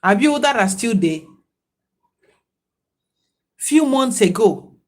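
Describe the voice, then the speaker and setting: A woman's voice: on the high side, lively intonation, takes it slowly, a little mellow. A woman, talking casually and reflectively to viewers on a livestream, in a preachy tone. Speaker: livestream host.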